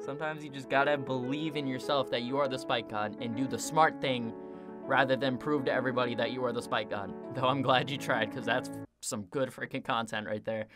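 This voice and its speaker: A man giving casual gameplay commentary, excitable and self-mocking, quick to vent his frustration. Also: mid-range voice, over music. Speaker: gaming video creator.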